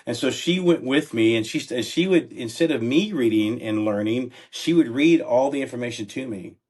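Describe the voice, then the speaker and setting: Older male guest, earnest storyteller who keeps checking in with the listener, medium-pitched voice. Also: moderate pace, a little mellow. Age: 60s. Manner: earnest, frequently checks in with "right?". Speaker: entrepreneur guest. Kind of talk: personal storytelling in a podcast interview.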